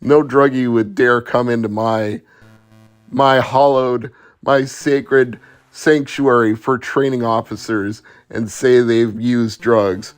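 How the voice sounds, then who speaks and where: A man's voice: mid-range voice, steady tone, takes it slowly, clean tone, lightly acted. A man doing an indignant police recruiter. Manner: indignant, self-righteous. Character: angry male police academy recruiter.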